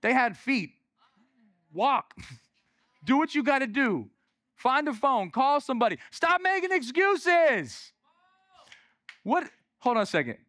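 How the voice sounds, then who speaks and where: A man preaching a sermon as pastor, emphatic and repetitive, swinging from loud to hushed. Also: extremely high pitch, big pitch swings, unhurried, pauses often, no room sound.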